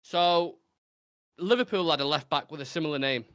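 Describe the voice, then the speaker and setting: A man's voice: fairly high pitch, a bit bright, smooth, no room sound, studio quality. A man co-hosting a live chat show, reading out rhyming clues and joking with his co-hosts. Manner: reads rhyming clues in a sing-song way, quick banter. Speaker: co-host running a player quiz. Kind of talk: casual livestream chat.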